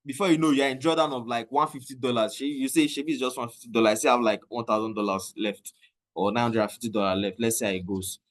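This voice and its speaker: A man with a Nigerian accent telling a casual, animated story about trading and often mixing in Pidgin. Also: mid-range voice, quick pace. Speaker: trading coach. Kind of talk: casual talk.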